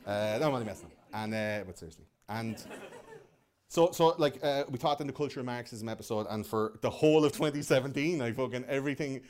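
Scouse guy hosting a live podcast, sweary and loose, mid-pitched voice. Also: brisk, darkish tone. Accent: Liverpool. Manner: loose and profane, mocking put-on voices. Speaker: podcast host speaking to a live audience. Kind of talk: casual ranting chat.

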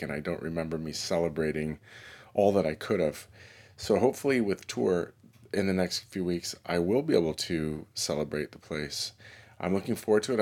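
A man hosting his own podcast, talking in a relaxed, reflective way with pauses and fillers. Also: low-pitched. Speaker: podcast host and musician. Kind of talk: casual solo podcast monologue. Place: New York City.

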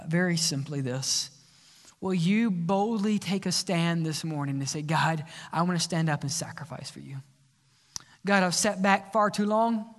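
Impassioned older preacher in echoing church. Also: male voice, fairly high pitch. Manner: impassioned, swinging from loud appeals to hushed pleas. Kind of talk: sermon. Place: church sanctuary. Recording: long church hall reverb.

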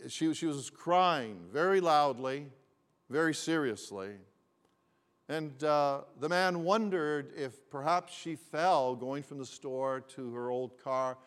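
Slow-spoken pastor in a reverberant hall. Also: male voice, a little high, a bit bright, clear, resonant tone. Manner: slow, deliberate storytelling with repetitions. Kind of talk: sermon.

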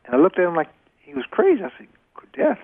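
A man's voice: high voice, wildly swooping pitch, fast talker, gravelly, breathy edge, no room sound. A retired boxer, a man, telling stories as a guest in an earnest way and repeating phrases for emphasis. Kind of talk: interview storytelling. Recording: dry tinny phone line.

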